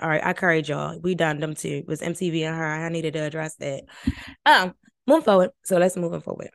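A woman's voice: low voice, normal speed, gravelly, clean tone. A woman hosting a podcast, giving casual, brash and profane commentary on a reality show, sleepy late at night.

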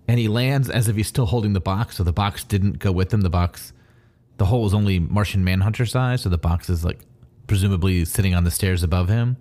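A man's voice: low voice, fairly quick, warm tone. A man co-hosting a casual podcast, adding background and trivia about a comic series. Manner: adds fan background and trivia, with frequent fillers. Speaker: podcast co-host.

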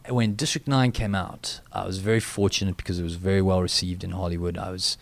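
Reflective South African man, very deep voice. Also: steady tone, gravelly, no echo. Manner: reflective, halting with many fillers and restarts. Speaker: guest. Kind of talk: interview conversation.

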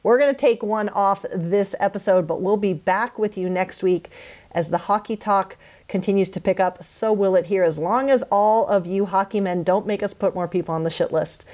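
A woman's voice: mid-range voice, darkish tone. A woman hosting a casual podcast, chatty and upbeat as she wraps up the episode. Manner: upbeat, chatty sign-off with quick asides. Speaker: podcast host.

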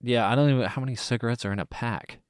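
A man co-hosting a podcast, chatting about a film in a relaxed way with many ums. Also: medium pitch, clear, resonant tone, dry recording. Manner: relaxed, drawn-out delivery with frequent ums. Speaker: podcast co-host. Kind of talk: casual film-review chat.

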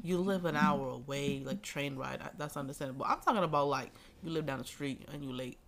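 A woman as a guest in a casual chat, telling stories in a relaxed way and laughing often. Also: low-pitched, brisk.

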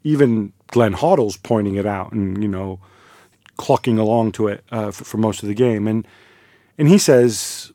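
A man giving lively, joking football analysis in a casual podcast chat, full of quick asides. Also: on the low side, no room sound, studio quality. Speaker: football pundit.

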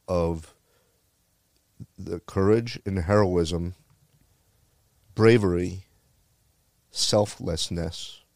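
A man's voice: deep voice, creaky, darkish tone, dry recording, clean studio sound. A man from the Bronx, a retired firefighter earnestly telling a heartfelt personal story. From the Bronx, New York. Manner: earnest and heartfelt, with repeated phrases.

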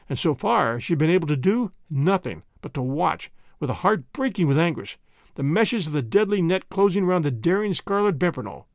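A man narrating a classic novel in an expressive, dramatic storytelling style. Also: high voice, dry recording, clean studio sound. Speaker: audiobook narrator. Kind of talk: scripted narration.

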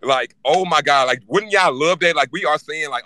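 Man guest, bright forceful voice, fast irritated rant, swears freely. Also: fairly high pitch, no room sound. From Louisiana. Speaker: live-stream guest speaker. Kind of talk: casual fan chat.

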